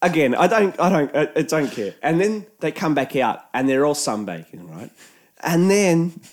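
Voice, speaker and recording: Animated Australian man telling a rambling story. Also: fairly high pitch, normal speed. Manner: rambling, profane anecdote telling with mimicked voices. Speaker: storyteller in a casual chat. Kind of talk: casual chat.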